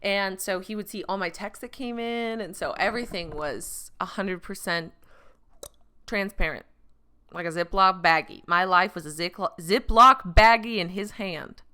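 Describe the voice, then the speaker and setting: A woman's voice: medium pitch, normal speed, bright, forceful tone, clean tone. A young woman hosting a comedy podcast, telling a crude, profanity-laced story with jokey asides. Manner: crude, profane, jokey with put-on quoted voices. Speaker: podcast host.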